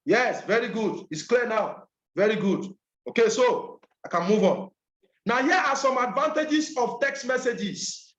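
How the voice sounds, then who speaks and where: A man's voice: very high voice, fairly bright tone, echoey room, dull audio. A man leading an online business training, emphatic and repeating key points.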